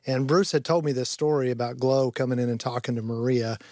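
A man of medium pitch speaking reflectively in a casual studio chat. The sound is dry and close to the mic. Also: fairly even intonation, a little fast, darkish tone, dry recording. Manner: reflective, eager to chime in. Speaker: radio producer, guest.

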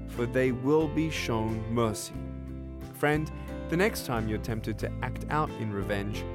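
Animated male storyteller over guitar. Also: a little high. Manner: lively, expressive storyteller. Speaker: ministry speaker. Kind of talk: radio devotional storytelling.

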